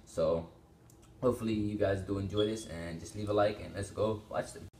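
Teen male reaction host, exclaims and rambles, low-ish voice in a roomy space. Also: fairly even intonation, moderate pace, a little mellow. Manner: rambling, exclaiming, swearing often. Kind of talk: casual reaction commentary. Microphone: small desktop microphone.

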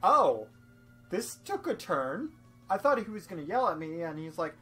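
A woman's voice: lowish voice, big pitch swings, normal speed, a bit bright. A young woman doing goofy, rambling let's-play commentary with frequent laughs, over faint game music. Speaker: game streamer.

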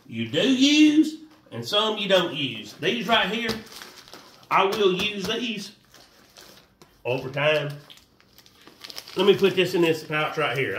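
Animated rambling man, bright tone. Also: high-pitched, far from the mic. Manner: rambling, animated, talks to viewers as y'all. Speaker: fishing vlogger. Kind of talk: casual how-to vlog. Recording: roomy echo, voice a bit off-mic, faint noise.

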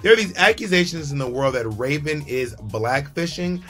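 A man co-hosting a casual TV review chat, talking in an animated, sassy and brash way. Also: a little high, moderate pace. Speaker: co-host of a TV review show.

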